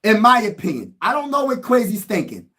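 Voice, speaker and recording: High-voiced excitable livestream host. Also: male voice, fairly quick. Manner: excitable, swings between muttering and shouting; slangy, talks straight to chat. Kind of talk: casual live-stream reaction commentary.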